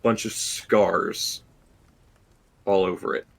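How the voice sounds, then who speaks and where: Male dungeon master, low voice, slow and measured scene narration. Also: fairly even intonation, vocal fry, rough recording. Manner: slow, deliberate descriptions with pauses. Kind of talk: narrating a tabletop game.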